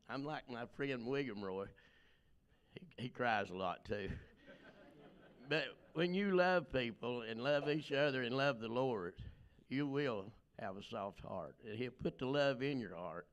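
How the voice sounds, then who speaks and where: An older man giving a plainspoken, emotional personal testimony at a recovery meeting, rambling with many pauses and fillers. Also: mid-range voice, animated, smooth.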